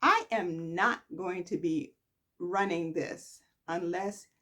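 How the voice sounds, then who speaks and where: A woman's voice: fairly low pitch, slow pace, sharp tone. A woman voicing a grown son from a soap opera who demands full control and brushes his father off. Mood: defiant. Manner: flippant, defiant, dismissive.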